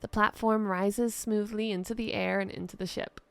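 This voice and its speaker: Brief: woman narrator, raspy, close and dry, steady descriptive storytelling. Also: medium pitch, moderate pace, few pauses, dry recording. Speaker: writer and narrator. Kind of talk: scripted fantasy narration.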